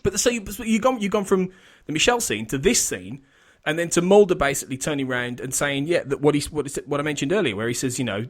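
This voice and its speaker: A man's voice: on the high side, expressive, fast talker. A man hosting a casual podcast chat, rambling and restarting his sentences, laughing often. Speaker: podcast host.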